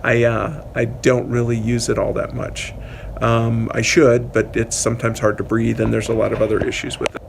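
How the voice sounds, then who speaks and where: A man's voice: mid-range voice, completely flat delivery, normal speed, vocal fry. A man talking openly and reflectively in a personal vlog, rambling a little with many fillers, recorded outdoors on a walk. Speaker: vlogger documenting a long fast. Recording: noisy outdoor recording with traffic. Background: outdoor ambience and passing vehicles.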